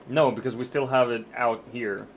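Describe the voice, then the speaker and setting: A man's voice: mid-range voice, steady tone, normal speed, a little hiss or hum. A man streaming a game in casual chat, laid-back, swearing offhandedly and laughing easily.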